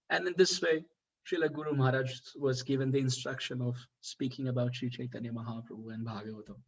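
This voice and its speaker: Delivering a devotional talk at a festival, a man with a creaky, husky, medium-pitched voice tells a story at a moderate pace. He acts out quoted dialogue animatedly, saying "uh" often, on a low-quality recording.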